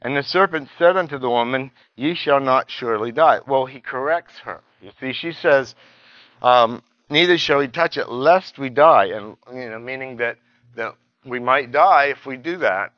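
A man teaching a Bible study lesson, halting and restarting often and reading scripture passages aloud. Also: medium pitch, dry recording, muffled recording.

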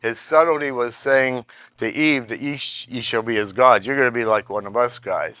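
A man teaching a Bible study lesson, halting and restarting often and reading scripture passages aloud. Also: medium pitch, dry recording, highs cut off.

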